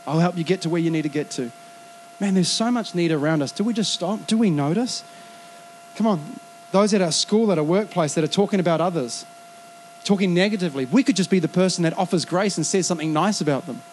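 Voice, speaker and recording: A man preaching a sermon in a lively, conversational way, acting out quoted asides. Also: sits high, fairly quick, slight background noise. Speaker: pastor.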